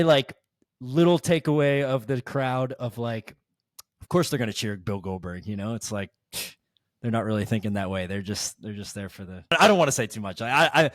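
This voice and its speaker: A man's voice: mid-range voice, fairly bright tone, dry recording, clean studio sound. A man chatting on a podcast, telling a long story in a rambling way with many restarts and fillers. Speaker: podcast guest. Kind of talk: casual podcast chat.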